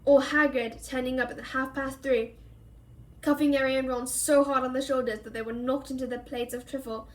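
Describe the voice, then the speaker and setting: A woman reading a novel aloud for a reading club, expressive and giving each character a voice. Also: sits high, a little fast. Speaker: reader.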